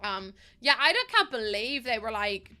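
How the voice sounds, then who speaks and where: A young woman chatting casually to her stream, full of "like" and quick laughs. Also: on the high side, very animated, pushed and bright. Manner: chatty, laughs often, lots of "like".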